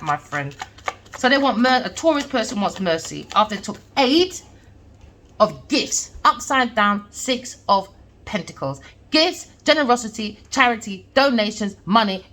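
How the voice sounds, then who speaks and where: A woman's voice: on the high side, a bit bright. A woman giving an emphatic, scornful tarot reading, repeating her points. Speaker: tarot reader.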